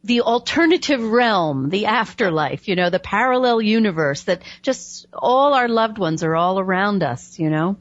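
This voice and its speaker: A woman's voice: mid-range voice, lively intonation, normal speed, hardly any pauses, muffled recording. A woman hosting a radio talk show, chatting casually with a guest and dropping lots of "you know"s. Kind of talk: casual interview chat.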